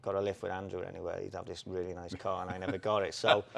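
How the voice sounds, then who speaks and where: Ex-jockey co-host, low gravelly voice, spins animated stories from the road. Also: male voice, fast talker. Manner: animated anecdotes, laughs, quotes people in put-on voices. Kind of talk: casual storytelling chat.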